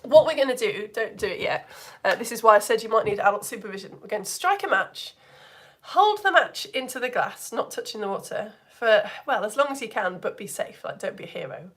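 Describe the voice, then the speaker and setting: A woman's voice: mid-range voice, very animated, fairly quick. A woman teaching a live online science lesson in a chatty, enthusiastic way, asking the viewers questions as she goes.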